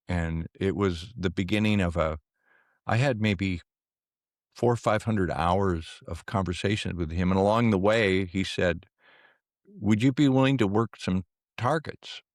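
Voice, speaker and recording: Deep gravelly man telling stories. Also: measured pace, no room sound, studio quality. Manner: animated storyteller who acts out quoted dialogue. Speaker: podcast guest, remote viewer. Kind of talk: conversational storytelling.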